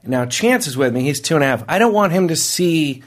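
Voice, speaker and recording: A man's voice: fairly high pitch, animated, brisk. A man hosting a podcast, telling a long story in casual chat, often restarting and repeating his phrases. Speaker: podcast host.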